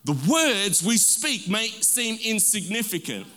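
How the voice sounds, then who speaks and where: A man's voice: sits high, sing-song, sharp tone. A man preaching a sermon as pastor, calling for amens and stretching out key words for emphasis. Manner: call-and-response preaching, drawn-out emphatic words. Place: church sanctuary. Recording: long reverb of a large hall.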